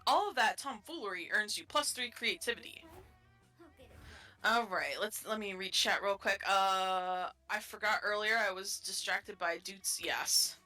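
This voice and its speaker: Bright-voiced playful woman narrating. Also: mid-range voice, a little slow, soft background music. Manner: playful, laughs often. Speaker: streamer and game narrator. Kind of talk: reading game text aloud on a live stream.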